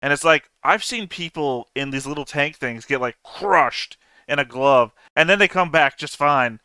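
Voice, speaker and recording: A man chatting casually with fellow tabletop players, animated and profane, laughing as he rants. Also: on the high side, normal speed, clean tone, no echo. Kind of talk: casual chat between game sessions.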